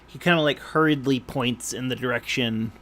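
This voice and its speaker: A man's voice: mid-range voice, normal speed, a bit bright. A man narrating as game master in a tabletop session, hesitant and full of fillers.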